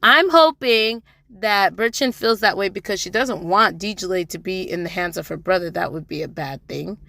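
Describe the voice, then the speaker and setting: A woman's voice: medium pitch, moderate pace, gravelly, sharp tone. A young woman giving a casual, chatty recap of a TV drama episode, with sassy asides to the characters. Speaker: TV drama reviewer.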